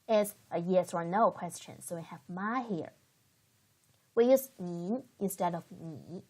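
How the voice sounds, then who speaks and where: A woman's voice: on the low side, a little mellow, husky. A woman teaching a beginner language lesson in English, patiently explaining step by step and modelling words for learners to repeat. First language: Chinese. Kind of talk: slow, careful language lesson.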